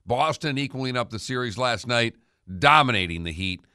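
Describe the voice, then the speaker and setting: A man co-hosting a sports radio show, giving steady, matter-of-fact analysis in casual sports talk. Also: mid-range voice, a little fast, clean tone, dry recording, clean studio sound.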